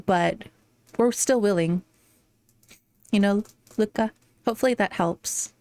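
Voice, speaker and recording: A woman's voice: medium pitch, unhurried, a little mellow, no echo. A young woman streaming live, chatting casually and affectionately with viewers, giggling and slipping into playful baby talk between tarot readings.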